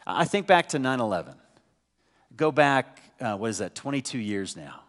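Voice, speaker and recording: A man's voice: medium pitch, very animated, normal speed, a bit bright, big-room sound. A man preaching a sermon with a head cold, talking conversationally and asking the congregation rhetorical questions. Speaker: pastor. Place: church sanctuary.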